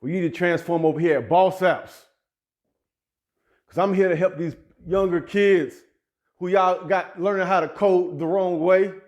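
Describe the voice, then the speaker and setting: A man's voice: high-pitched, fairly even intonation, a little slow. Heated man ranting straight to listeners. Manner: loose, heated street talk, addresses listeners directly. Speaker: app business owner. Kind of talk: direct-to-camera rant.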